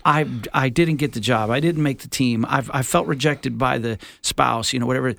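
A man's voice: mid-range voice, normal speed, gravelly, fairly bright tone. A man on a faith podcast, speaking in a playful, emphatic way. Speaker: podcast guest. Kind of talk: casual faith podcast chat.

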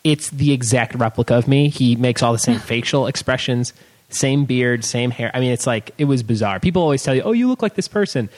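A man's voice: medium pitch, fairly even intonation, a little fast, a little mellow. A man who is a comedian and co-host, joking playfully in casual chat. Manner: jokey, playful.

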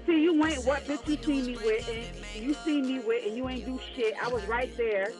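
A woman's voice: on the high side, moderate pace. Indignant woman guest, music behind. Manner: indignant, profane. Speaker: podcast guest. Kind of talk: casual chat, reading messages aloud.

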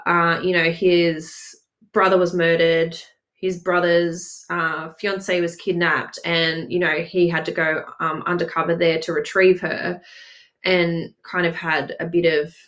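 A woman's voice: lowish voice, level tone, a little slow, fairly bright tone. A woman in casual chat as a podcast co-host, gushing and giggling often.

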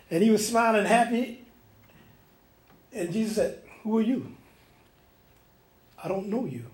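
A man's voice: high-pitched, unhurried, pauses often, roomy sound. A man preaching, telling a dream as a story and acting out the voices and sounds in it. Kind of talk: sermon testimony.

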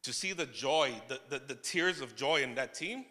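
A man preaching a testimony sermon to his church, telling the story with laughing asides and halting restarts. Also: mid-range voice, expressive, bright, forceful tone, in a large hall. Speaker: pastor.

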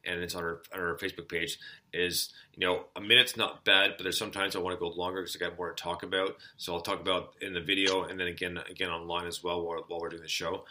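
A man co-hosting a music show, chatting and telling stories with animated energy and frequent laughter. His voice sits low but has a bright, forceful edge. He introduces songs in a relaxed, casual way. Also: fast talker. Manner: animated storyteller, laughs often. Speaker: radio show co-host. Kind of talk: casual chat and song introductions.

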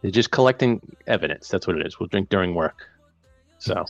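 A man with a very low voice, recapping a film in easy podcast chatter. He slips into quick impressions of the characters as he retells the plot. The recording sounds dry and slightly muffled. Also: creaky, dry recording, faint music behind. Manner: animated retelling with quoted dialogue. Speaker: podcast co-host. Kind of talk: casual chat recapping a film.

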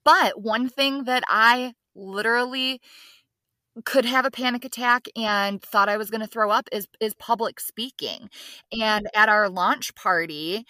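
Woman podcast co-host, bright and animated storyteller, close dry recording. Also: on the high side, unhurried, no echo. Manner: animated storytelling, acts out quoted lines, swears casually. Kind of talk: casual chat.

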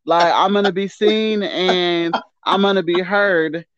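A woman's voice: lowish voice, steady tone, slow pace, lo-fi sound. A woman guest in a casual podcast debate who speaks emphatically and with self-assurance, often repeating her words.

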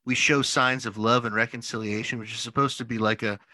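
A man who is a pastor talks through a casual story with lots of repeated words and restarts. His voice is bright and forward. The sound is dry and close, with no room behind it. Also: mid-range voice, steady tone, brisk, no echo, poor audio. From northern United States. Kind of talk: casual podcast chat.

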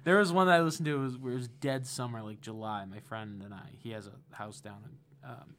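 A man's voice: mid-range voice, a little fast, slight background noise. Young man telling a rambling story. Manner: animated, rambling with many fillers. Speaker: guest DJ. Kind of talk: casual storytelling chat. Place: radio studio.

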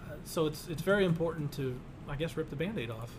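A man's voice: fairly high pitch, animated, fast talker, noisy background. A man hosting a casual podcast interview, joking and laughing often, with rambling restarts. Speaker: podcast host.

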